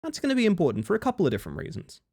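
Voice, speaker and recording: A young male streamer talks casually with his chat, his voice bouncing around with lots of pitch movement and sitting a little above the usual male pitch. He swears freely and keeps things loose and chatty. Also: rapid-fire, slightly rough. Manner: animated, profane, chatty with viewers. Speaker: livestreamer.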